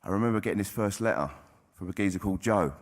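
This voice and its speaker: Deep-voiced man, blunt testimony. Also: fast talker, noisy background. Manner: blunt, plain-spoken, with frequent swearing. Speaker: recovering addict sharing at a convention. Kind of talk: candid personal testimony to an audience.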